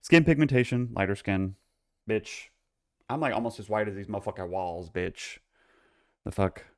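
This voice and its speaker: A young man chatting alone into a close podcast mic with a fairly low voice. He is sassy and campy, swears freely and jumps up into squealing highs for jokes, in a dry, dead-sounding small room. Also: normal speed, dry recording. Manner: campy, sassy and playfully bossy, swinging into high squeals for jokes. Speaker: podcast host. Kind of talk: casual solo podcast chat.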